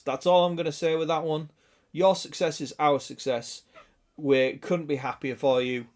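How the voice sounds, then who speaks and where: A British man talking casually to his viewers on a gaming stream. His voice sits a little on the high side, and he rambles in a sweary, chuckling way. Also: level tone, moderate pace.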